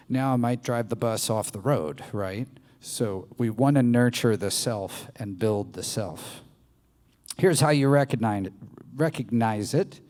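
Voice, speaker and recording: A man from the American South giving a playful, animated live talk to an audience in a bar venue. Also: medium pitch. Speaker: public speaker. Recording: venue reverb from live stage.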